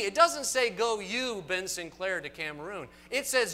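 A man with a Southern US accent preaching a sermon to a congregation, animated and emphatic with folksy asides. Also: high-pitched, normal speed, few pauses. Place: church sanctuary.

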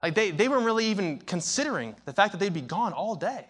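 A young man preaching a sermon, telling a story with big swings from hushed to shouting. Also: sits high, very animated, fast, slightly rough.

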